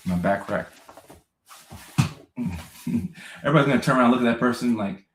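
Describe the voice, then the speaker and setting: A man's voice: mid-range voice, a little fast, pauses often. A young adult man hosting a casual livestream. He reads viewer comments, laughs often and repeats phrases. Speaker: host. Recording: roomy echo.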